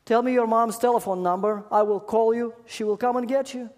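A man's voice: very high-pitched, fairly even intonation, a little fast, a little mellow, voice pushed up. A man voicing a patient policeman who coaxes a lost child with raised questions during a sermon story. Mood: coaxing. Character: kindly patient male policeman. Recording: echoey hall.

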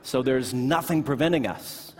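A middle-aged man preaching a sermon in a church, telling stories with animated energy that drops to hushed tones. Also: medium pitch, moderate pace. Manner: animated storytelling, shifting from excited to hushed. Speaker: pastor. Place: church sanctuary. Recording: long hall reverb.

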